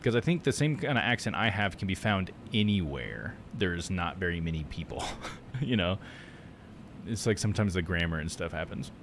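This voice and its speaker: Rural Midwestern guy, low voice, rambling live game commentary. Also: expressive, normal speed, fairly bright tone, a little hiss or hum. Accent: rural Midwestern American. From United States. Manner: rambling, full of "like" and restarts. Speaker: streamer.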